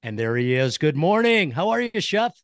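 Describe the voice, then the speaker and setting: Excitable man hosting a podcast. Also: fairly high pitch, normal speed, no room sound, studio quality. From Chicago. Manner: excitable, effusive, laughs often. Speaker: podcast host. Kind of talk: enthusiastic interview chat.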